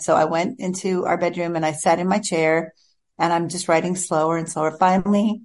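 Earnest woman telling a story, low voice. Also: a little fast, a little mellow. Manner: earnest, heartfelt, chatty with many fillers. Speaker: author guest. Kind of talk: personal storytelling in an interview.

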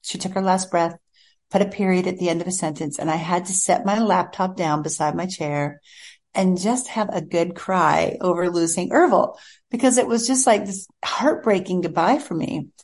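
A woman's voice: lowish voice, moderate pace, a little mellow. A woman guest author telling a heartfelt personal story in a chatty, earnest way.

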